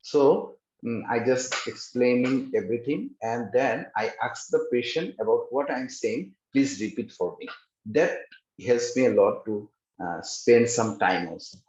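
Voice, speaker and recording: A man describing his exam experience in a casual interview over a video call, halting, with many pauses and fillers. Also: medium pitch, lively intonation, darkish tone. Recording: roomy, dull call audio.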